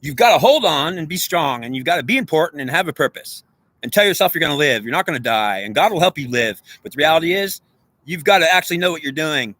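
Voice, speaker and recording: Fast, preachy man ranting. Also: a little high, animated, fairly bright tone, no echo. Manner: preachy, agitated, repetitive. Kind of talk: ranting monologue.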